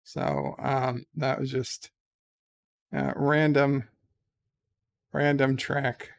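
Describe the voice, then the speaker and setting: A man's voice: medium pitch, level tone, extremely slow, creaky. A man chatting casually as the streamer, rambling and hesitant with many fillers. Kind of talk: casual chat.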